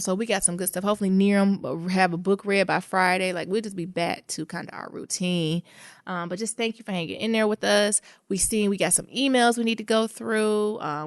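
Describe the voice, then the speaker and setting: Relaxed woman podcast host, dry mic. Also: medium pitch, no echo. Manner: conversational, relaxed, reads out contact details. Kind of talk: casual podcast chat.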